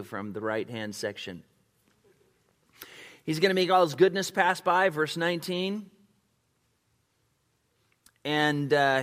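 Conversational male preacher in a reverberant hall. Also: fairly high pitch. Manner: conversational, animated, many fillers, acts out quotes. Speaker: pastor. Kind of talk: sermon with Q&A.

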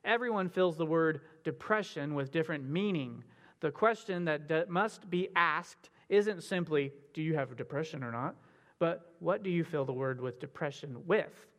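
A man's voice: on the high side, normal speed. Earnest man teaching, echoing hall. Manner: earnest, conversational, with frequent fillers. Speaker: teacher on biblical counseling. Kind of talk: sermon-style teaching with read scripture.

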